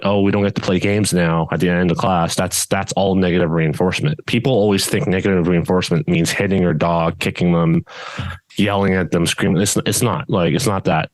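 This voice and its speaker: Low-voiced male judo coach, casual podcast co-host, even unchanging tone, rambling delivery, dry close sound. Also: no room sound. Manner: steady tone that does not rise even when louder; rambling, with many restarts and fillers.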